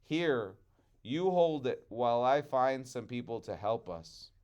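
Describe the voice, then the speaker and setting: A man's voice: mid-range voice, animated, slow, a little mellow, clean tone, muffled recording. A man voicing a sly, persuasive male trickster rabbit in a storybook read-aloud. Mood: pleading. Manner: pleading, persuasive.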